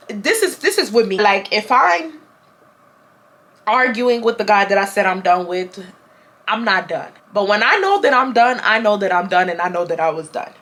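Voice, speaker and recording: A woman vlogger telling a personal story in a chatty, animated way, talking straight to her viewers on a camera mic. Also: mid-range voice. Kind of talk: casual storytime chat.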